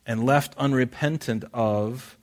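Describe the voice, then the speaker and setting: A middle-aged man preaching to his congregation in a loose, conversational way. He stumbles and restarts his phrases and repeats them for emphasis. His voice sits at an ordinary pitch. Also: takes it slowly. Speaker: pastor. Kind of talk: sermon.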